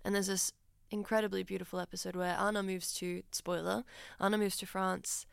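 A woman's voice: medium pitch, little pitch movement, fairly quick, gravelly, clear, resonant tone, no room sound. Woman, radio host, earnest film chat, dry close studio sound. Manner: earnest, reflective, heartfelt. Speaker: radio presenter.

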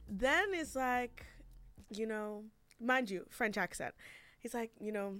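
A woman's voice: fairly high pitch, slow, pauses often, pushed and bright, clear, resonant tone, dry recording. A young Australian woman hosting a radio show, chatting casually with frequent laughs and rambling asides. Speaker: radio host.

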